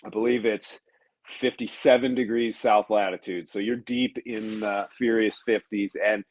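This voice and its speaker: A man with a lowish voice explains sailing in an easy, unhurried podcast chat. He thinks aloud, with an um here and there, and the sound is close and dry, with no room around it. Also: fairly even intonation, no echo. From United States. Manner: explanatory, thoughtful, with frequent ums. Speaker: professional racing sailor guest. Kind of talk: relaxed conversational podcast chat.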